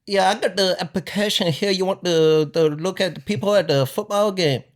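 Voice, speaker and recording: An impatient fake security recruiter on the phone, with a raised pitch and clipped, broken English, as a man puts him on. He talks with a slightly distant sound and pushes the job offer curtly. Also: brisk, lightly acted. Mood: brusque. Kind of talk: prank-call impression in casual chat.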